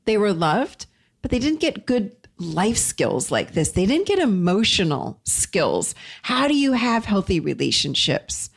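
A middle-aged woman hosting a self-help show, talking earnestly through a numbered list of points. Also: mid-range voice. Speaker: podcast host.

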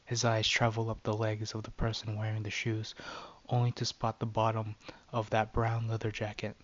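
A man narrating a short story in a steady, even dramatic reading. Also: lowish voice, moderate pace, dull audio.

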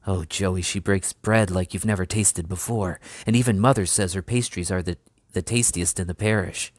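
A man voicing a gentle young farm lad turned soldier, who speaks softly and fondly as if to his horse. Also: sits low, steady tone, moderate pace, no room sound.

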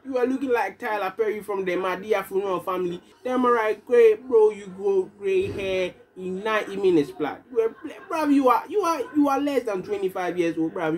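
A young man giving an animated, exasperated rant as a football fan vlogger, repeating his phrases and swinging between loud and soft. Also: sits high. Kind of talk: casual ranting review.

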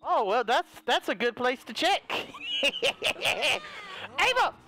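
High, taunting, giggly male gamer. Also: animated, moderate pace. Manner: taunting, giggly, bursts of yelling. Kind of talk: game commentary, playing as killer.

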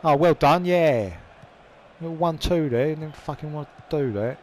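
A man's voice: fairly high pitch, moderate pace, slight background noise. A young man giving casual commentary over a football video game, swearing and grumbling at the play and the referee. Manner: swearing, frustrated, shouts at the referee. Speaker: gaming commentator.

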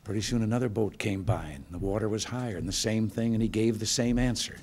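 Older guy from the states, slightly low voice, folksy speech to staff, dry jokes. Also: quick pace, slight background noise. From United States. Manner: folksy, relaxed storytelling with dry humor. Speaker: president giving remarks. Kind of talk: informal speech with joke stories. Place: hotel function room.

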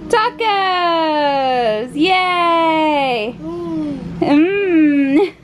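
Young mom filming her baby at home, super high voice, giggly and sweet, noisy home video. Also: animated, very slow. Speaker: mother filming her family. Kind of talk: casual home vlog. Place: family home kitchen and living room.

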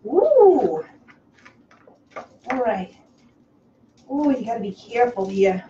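A woman hosting a comic live cooking show from a kitchen, over-the-top excitable, breaking into squeals and gushing. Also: high-pitched, slow, pauses often. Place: home kitchen. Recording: echoey kitchen, slightly dull, faint hiss.

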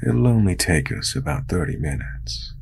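A leering, creepy old man in his late sixties, put on by a man narrating a horror story. He speaks low and insinuating, in a deep, gravelly tone with a faint hiss of noise underneath. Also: expressive, normal speed.

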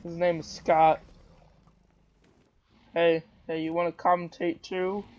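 A man giving casual gaming commentary, teasing his friend and sounding exasperated, with sudden loud exclamations. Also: a little high, level tone, slow pace, muffled recording. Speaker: gameplay commentator.

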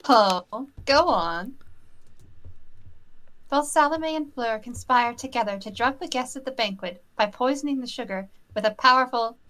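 A woman's voice: fairly high pitch, animated, unhurried, fairly bright tone, voice pushed up. A woman reading the lines of a stern woman hunter who leads a trial in a visual novel, speaking formally and with authority. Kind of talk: reading game dialogue aloud.

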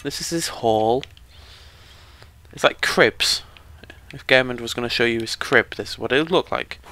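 A man's voice: mid-range voice, moderate pace, bright, forceful tone. A young British man giving chatty, joking live commentary over a game he is playing. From Britain. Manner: chatty, joking, talks to the viewers. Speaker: let's play commentator.

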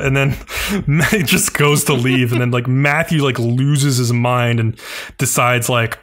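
A man's voice: mid-range voice, steady tone, moderate pace, a bit bright. A man co-hosting a podcast, casually retelling an anime episode in a loose, rambling way full of filler words. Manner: loose, filler-heavy storytelling with many "like"s. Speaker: podcast co-host.

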